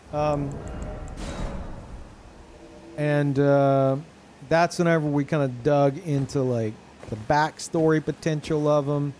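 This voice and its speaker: A man's voice: a little high, fairly even intonation, takes it slowly, long pauses, a little mellow, a little hiss or hum. A young man chatting casually to his live chat in a rambling way, full of fillers and restarts. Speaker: streamer.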